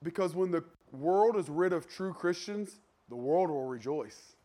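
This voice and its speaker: A man preaching a sermon in a conversational way, animated, with sudden jumps in pitch and loudness and joking asides. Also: measured pace.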